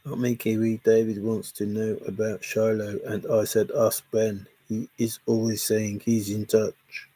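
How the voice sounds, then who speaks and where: A man's voice: on the low side, moderate pace, hardly any pauses, dark tone, breathy edge, dry recording. A man hosting a casual livestream, reading chat and greeting viewers by name in a jokey, chatty way. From half Italian, half Scottish heritage.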